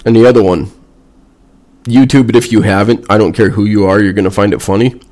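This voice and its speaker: A man's voice: fairly low pitch, fairly even intonation, brisk, darkish tone. A man, a veteran vlogger, delivering a blunt, sarcastic and heavily profane casual rant.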